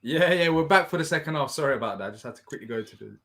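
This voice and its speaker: A man chatting casually as a watch-along co-host, joking around and getting excited at chances. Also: mid-range voice, very fast, crowd noise. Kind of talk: casual fan chat.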